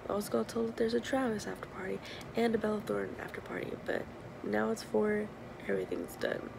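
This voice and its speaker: A young woman chatting to camera in a vlog from a hotel room, hoarse and tired from losing her voice. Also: medium pitch, fairly even intonation, brisk, noisy background. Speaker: vlogger. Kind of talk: casual vlog chat.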